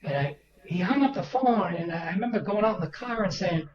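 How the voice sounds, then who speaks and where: Older man, lively storyteller, slightly high voice, distant roomy lo-fi sound with a crowd behind. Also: a little fast, hardly any pauses. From Boston, Massachusetts. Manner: animated anecdotal storyteller, acts out quoted people. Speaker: author guest. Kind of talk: storytelling interview.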